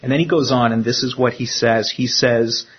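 A man, a pastor, preaching a sermon in an animated way and acting out the quotes he tells. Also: mid-range voice, moderate pace, slightly rough, lo-fi sound.

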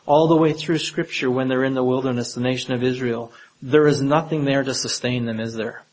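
A man's voice: mid-range voice, slight background noise, poor audio. A man preaching a sermon in a conversational way, often turning statements into questions for his listeners.

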